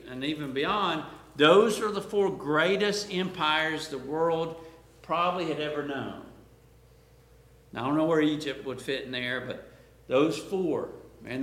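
A man's voice: fairly high pitch, fairly bright tone. A man preaching a Bible-teaching sermon, explaining words and asking his listeners questions, building to emphatic points. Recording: roomy echo.

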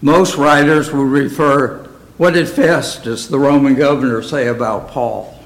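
A man's voice: medium pitch, fairly even intonation, a little slow, low-quality recording. A man teaching a Bible study in a plain, conversational way, often asking his listeners questions.

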